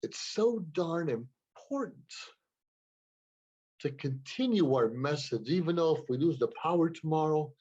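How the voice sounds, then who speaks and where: Husky man preaching earnestly to camera. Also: on the high side, lively intonation, unhurried, dark tone, lo-fi sound. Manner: earnest, moralizing, repeats words while thinking. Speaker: show host. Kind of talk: preachy solo talk to camera. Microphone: computer camera.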